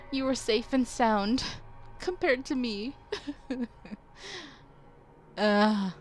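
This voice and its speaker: A young woman streaming a story game, reading its text aloud and reacting as an easily frightened player. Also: fairly high pitch. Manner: easily frightened, reads text slowly and softly.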